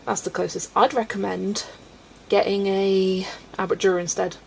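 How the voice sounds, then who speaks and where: A woman's voice: medium pitch, steady tone, normal speed, vocal fry, darkish tone, slight background noise, poor audio. A young woman chatting casually on a colouring livestream, answering chat and laughing often. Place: home room.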